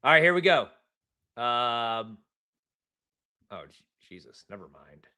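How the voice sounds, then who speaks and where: A man's voice: mid-range voice, lively intonation, takes it slowly, pushed and bright, clean tone. A man co-hosting a casual sports podcast, joking and swearing freely. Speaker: podcast co-host.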